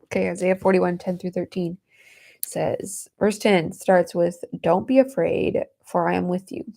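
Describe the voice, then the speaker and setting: Tearful, earnest woman with a gravelly edge. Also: lowish voice, fairly even intonation, unhurried, warm tone. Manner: earnest, emotional, easily moved to tears. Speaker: host of a Christian livestream. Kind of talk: devotional Bible reading and chat.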